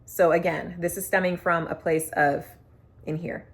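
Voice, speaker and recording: A woman's voice: fairly low pitch, steady tone, normal speed. Emotional young woman telling her story. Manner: emotional, candid, many "like" fillers. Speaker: vlogger. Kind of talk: personal storytelling vlog.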